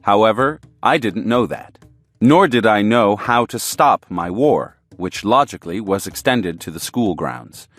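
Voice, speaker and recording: A man's voice: lowish voice, animated, a little slow, fairly bright tone, no echo, soft background music. Man narrating an audiobook, dry and close. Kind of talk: scripted first-person narration.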